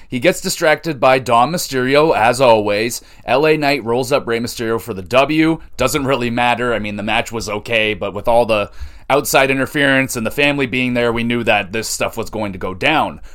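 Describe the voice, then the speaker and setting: A man hosting a wrestling podcast, recapping shows in an excitable, chatty way with lots of fillers. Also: mid-range voice.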